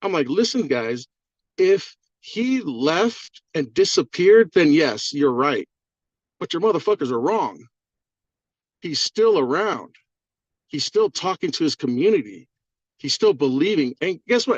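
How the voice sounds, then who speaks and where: A man's voice: fairly high pitch, sing-song, measured pace, breathy edge, no echo. Fired-up, cursing man on a call. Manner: profane, rambling, fired-up. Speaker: caller on a community call. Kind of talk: excited testimonial on a group call.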